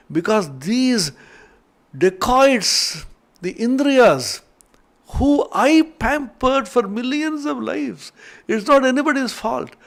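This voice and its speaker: Slow, gravelly older monk lecturing. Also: male voice, high voice, a bit bright. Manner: slow, earnest, emotional storytelling. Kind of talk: spiritual lecture with chanted Sanskrit verses.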